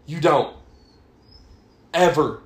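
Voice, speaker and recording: Young male podcast host, slightly high voice, rowdy and profane banter, echoey room sound. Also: very slow. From United States. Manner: crude, teasing, swearing banter. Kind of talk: casual chat among friends.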